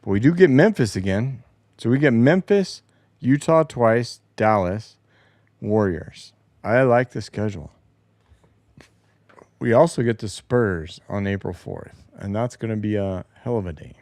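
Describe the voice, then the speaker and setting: A man hosts a casual solo sports talk show from a home basement, rambling and opinionated with some swearing. His lowish, slightly mellow voice has lively intonation and a measured pace, captured in a dry recording.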